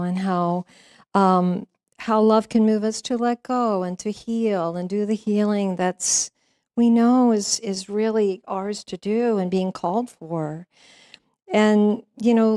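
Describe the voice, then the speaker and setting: A woman minister speaks from the pulpit in a middle-pitched voice, talking loosely and conversationally. She weaves a parable into her sermon, leaning on "you know" and "um" as she goes. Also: no echo, studio quality. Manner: warm conversational storytelling with frequent fillers and laughs. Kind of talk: sermon with storytelling. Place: church sanctuary.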